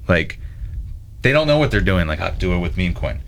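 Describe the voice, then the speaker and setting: A man in his late thirties, a podcast guest who talks in a halting way, thinking aloud in short bursts during a casual discussion. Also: deep voice, big pitch swings, fairly bright tone. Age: 30s.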